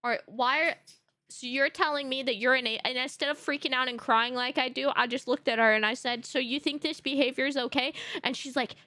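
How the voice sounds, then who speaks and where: A woman's voice: high voice, steady tone, brisk, bright, forceful tone, no room sound, studio quality. A woman streamer in casual chat, telling emotional stories animatedly with laughter. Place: home streaming setup.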